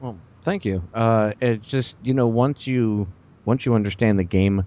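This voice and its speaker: A man hosting a radio talk show, rambling with sarcastic, animated asides. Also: fairly low pitch, a little slow, dull audio.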